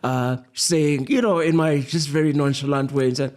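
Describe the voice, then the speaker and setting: A man co-hosting a podcast, speaking in a fairly high voice. He is earnest and chatty, and he tends to run on in long, winding stretches. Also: fairly even intonation, moderate pace, a little mellow. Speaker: podcast co-host. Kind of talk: casual chat.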